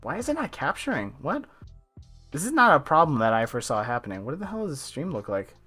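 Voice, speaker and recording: A man's voice: fairly high pitch, sing-song, fairly quick, pushed and bright, husky. A young man chatting casually on his art live stream, rambling with lots of fillers. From United States. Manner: chatty, rambling, many fillers, laughs often. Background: faint lo-fi music.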